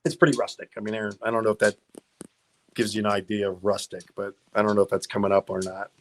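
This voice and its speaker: A man's voice: on the low side, little pitch movement, fast talker, a little hiss or hum. A middle-aged man, a guest on a car podcast, telling rambling stories in a casual interview, laughing often and restarting his sentences.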